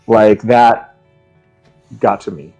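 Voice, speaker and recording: A man's voice: fairly low pitch, very slow, a little mellow, soft background music. A man co-hosting a casual book podcast, musing over the plot in a hesitant way full of restarts. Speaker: podcast co-host.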